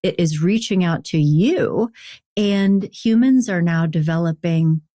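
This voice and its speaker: A woman's voice: on the low side, unhurried, dark tone, dry recording, clean studio sound. A woman podcast host interviewing a guest in an engaged, affirming way. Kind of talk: conversational interview.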